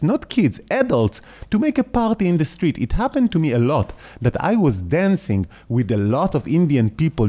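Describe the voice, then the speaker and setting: Mellow-voiced man with a foreign accent. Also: mid-range voice. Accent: non-native English. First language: not English. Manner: thoughtful, halting, searching for words. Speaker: clown teacher.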